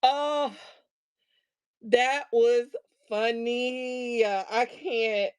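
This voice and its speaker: A woman's voice: on the high side, animated, takes it slowly. A middle-aged woman hosting a show, casually telling a funny story and laughing often as she talks. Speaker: host.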